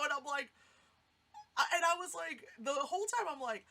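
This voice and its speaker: A woman's voice: a little high, fairly quick. A woman giving a casual, rambling spoken movie review, swearing freely and acting out lines. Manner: rambling, animated, swears freely, acts out quotes.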